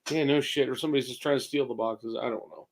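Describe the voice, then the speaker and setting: A man in his fifties co-hosting a casual chat, gruff and rambling, with restarts and swearing. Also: medium pitch, steady tone, fast. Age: 50s. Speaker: co-host.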